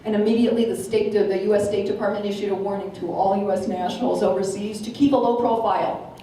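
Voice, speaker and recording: A woman in her forties with an American accent tells a story as a guest speaker, lively and full of humor. Her voice is mellow and unforced. It is heard from a distance in a very echoey meeting hall. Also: mid-range voice, quick pace, slight background noise. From Minnesota, USA. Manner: lively and humorous, acts out quotes. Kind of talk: storytelling speech.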